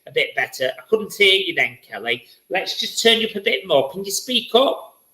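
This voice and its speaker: A man's voice: high voice, very animated, moderate pace, pushed and bright, echoey room, low-quality recording. A man hosting a live-streamed spirit reading as a psychic medium, chatty and effusive, often repeating his words.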